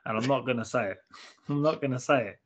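A man's voice: mid-range voice, fast talker. A man in casual podcast banter, blunt and sweary, often repeating himself. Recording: slightly dull lo-fi audio.

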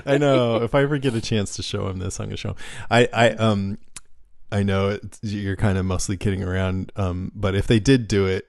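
A man's voice: fairly low pitch, steady tone, fairly quick, vocal fry, no echo, studio quality. A man co-hosting a casual podcast, easygoing and stumbling over restarts as he wraps up the show. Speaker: podcast co-host. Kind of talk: casual chat, show outro.

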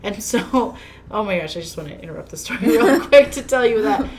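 A woman's voice: mid-range voice, animated, a little fast, crowd noise. A woman hosting a casual podcast who chats and jumps in with laughing asides. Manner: chatty, laughing, jumping in with asides. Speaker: podcast host. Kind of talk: casual chat.

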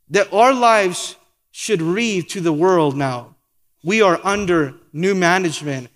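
A man's voice: high-pitched, a bit bright, in a large hall. A man preaching a sermon as pastor, asking the congregation rhetorical questions and acting out quoted lines.

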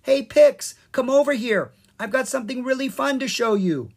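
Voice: medium pitch, sing-song, a little slow, vocal fry, slightly rough, pitched above the performer's own voice, exaggerated voice. A reader doing an eager young pixie. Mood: urgent, encouraging. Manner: earnest, eager, a little flustered. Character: young male royal pixie, eager but new at his job. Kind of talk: children's audiobook reading.

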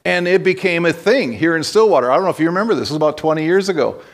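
A man's voice: on the high side, expressive, racing. A man preaching a sermon as pastor, telling stories conversationally and breaking into blunt exhortations, with frequent restarts.

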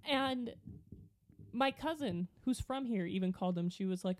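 A woman's voice: on the high side, animated, normal speed, no echo. A woman co-hosting a casual podcast chat. She rambles through a story, giggles often, and trails off mid-thought before starting again. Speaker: podcast co-host.

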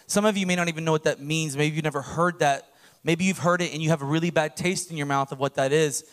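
Young pastor guy preaching, jokes and laughs a lot, kinda high voice. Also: quick pace. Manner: energetic, joking, laughs often. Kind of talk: sermon.

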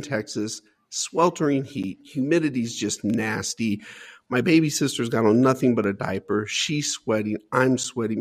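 A middle-aged man with a gravelly, fry-touched voice recounts his past as an interview guest. He talks earnestly, stumbling and repeating words as the memories come. His pitch sits at an ordinary middle for a man. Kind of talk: emotional personal storytelling.

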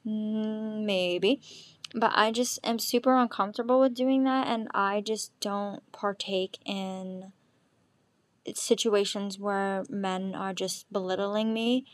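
A woman's voice: medium pitch, steady tone, slow pace, no room sound. A woman in her twenties hosting her own show, chatting alone in a rambling, candid way with lots of ums and likes. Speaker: podcast host. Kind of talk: casual solo chat.

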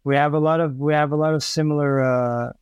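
A man's voice: a little high, fairly even intonation, a little fast, clean tone, no echo, studio quality. A man hosting a podcast, asking questions in a supportive, somewhat hesitant casual way. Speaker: podcast host. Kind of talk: casual conversational interview.

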